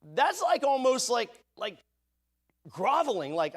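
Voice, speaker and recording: A man's voice: sits high, very animated, measured pace, pauses often. A man preaching a sermon in a church, asking the congregation rhetorical questions and reading scripture aloud. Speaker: pastor. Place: church sanctuary.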